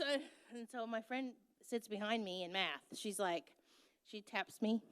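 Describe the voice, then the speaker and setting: A woman's voice: mid-range voice, a little slow, clear, resonant tone. Young woman telling a candid story. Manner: candid, self-mocking, laughing. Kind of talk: personal storytelling.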